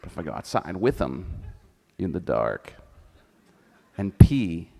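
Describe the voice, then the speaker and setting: A middle-aged cartoonist on a convention stage, telling crude comic stories in an animated way and laughing with the crowd. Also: male voice, deep voice, slow, creaky. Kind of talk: comic live storytelling. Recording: long hall reverb.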